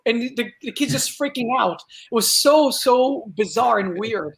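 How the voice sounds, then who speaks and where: A man's voice: very high-pitched, moderate pace, gravelly, a bit bright. A man from Israel with an Israeli accent, a guest magician telling a story in casual podcast talk and acting out the dialogue.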